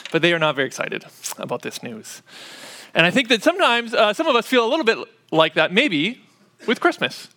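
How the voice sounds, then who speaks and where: A man's voice: high voice, big pitch swings, brisk, bright, forceful tone. A man preaching a sermon in a church, conversational and sprinkled with "uh" fillers. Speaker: pastor.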